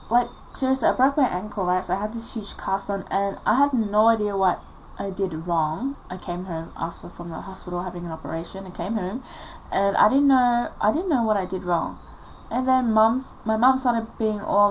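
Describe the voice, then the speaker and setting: A woman's voice: mid-range voice, slight background noise, rough recording. A young woman, telling a personal story casually, rambling and emotional with many fillers.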